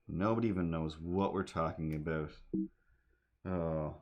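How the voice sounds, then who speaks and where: A man's voice: low-pitched, unhurried. A man chatting casually on a home stream while he draws, rambling from one thing to the next, breaking into sung bits and talking to his cat. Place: home apartment.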